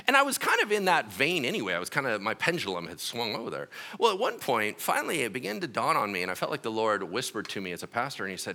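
A middle-aged male pastor telling a personal story in a sermon, animated, acting out quotes with shouts and laughter. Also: mid-range voice, quick pace, hardly any pauses.

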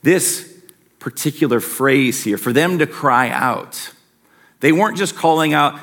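A man's voice: on the high side, expressive, measured pace, a bit bright. A man preaching a sermon as a pastor, earnest and emphatic, his intensity rising and falling.

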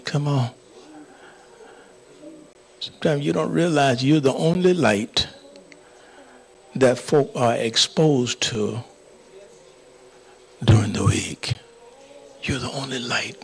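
Male pastor, gravelly and very husky, slow fervent prayer and preaching. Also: mid-range voice, low-quality recording. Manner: fervent prayer, dropping to hushed whispers and tongues. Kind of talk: sermon with closing prayer. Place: church sanctuary.

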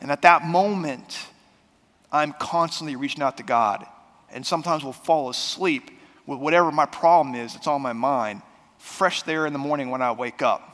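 A man preaching a sermon as pastor, talking in a conversational way that swings between loud and soft. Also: fairly high pitch, normal speed, long reverb tail. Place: church sanctuary.

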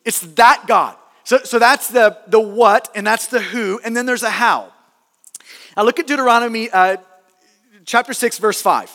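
Guy pastor preaching, super high bright voice, big echoey church hall, keeps repeating stuff to hammer it home. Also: normal speed. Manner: earnest, emphatic, repeats words and restarts. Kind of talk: sermon.

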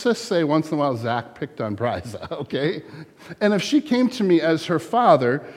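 A middle-aged man, a pastor, preaching a sermon in a relaxed conversational way, with small laughs and acted asides. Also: medium pitch, big-room sound. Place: church.

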